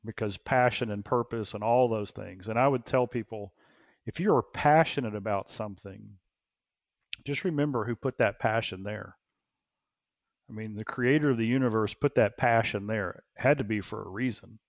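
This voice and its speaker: A man speaking as an interview guest, a business coach who talks in an animated way, repeating phrases and laughing often. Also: lowish voice, normal speed, no echo, lo-fi sound. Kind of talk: casual interview talk.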